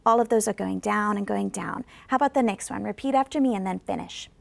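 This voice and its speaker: A woman teaching an English-as-a-second-language lesson on television, speaking patiently and encouragingly and modeling example sentences slowly for learners to repeat. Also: mid-range voice, vocal fry, dry recording. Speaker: ESL teacher.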